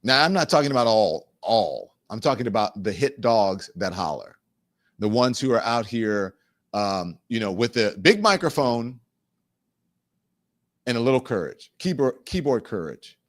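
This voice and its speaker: A man's voice: mid-range voice, expressive, measured pace, dry recording, studio quality. A man hosting a live online talk show, speaking candidly and with animation straight to his viewers. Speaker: show host. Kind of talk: casual livestream commentary.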